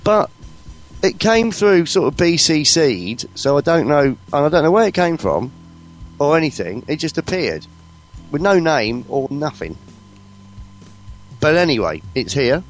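Lively, rambling British podcast host. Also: male voice, a little high, a little slow, long pauses, faint music behind. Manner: rambling, cheeky banter. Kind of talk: casual comedy chat.

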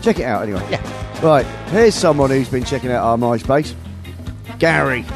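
A man's voice: medium pitch, lively intonation, moderate pace, over music. A man hosting an internet radio show, chatting and joking in a self-mocking way. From Scunthorpe, England. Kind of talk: casual chat on a radio show.

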